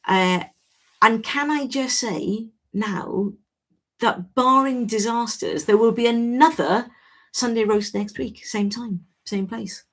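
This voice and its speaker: A Welsh woman hosts a casual livestream, reading viewers' names and comments aloud in a fairly high, slow voice. She's chatty and frank, often cutting herself off and restarting sentences.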